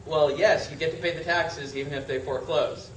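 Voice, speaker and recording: A high, bright-voiced man delivers an emphatic seminar lecture, firing off rhetorical questions. He is picked up from across a large echoey room. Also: fairly even intonation, a little fast, recorded from a distance, slight background noise. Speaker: real estate trainer.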